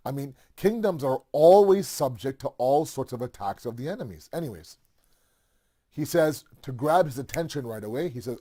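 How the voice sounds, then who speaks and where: A man's voice: mid-range voice, animated, moderate pace, mellow. A man telling a religious story in a casual, conversational way, with many fillers and asides.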